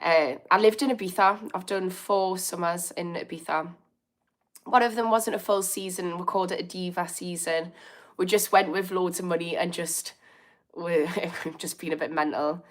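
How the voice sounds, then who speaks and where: A woman's voice: lowish voice, steady tone, moderate pace. A woman in her thirties with a Birmingham accent, chatting casually on a livestream as she reads out comments, laughing often and reacting with amused indignation. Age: 30s. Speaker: recovery coach hosting a livestream.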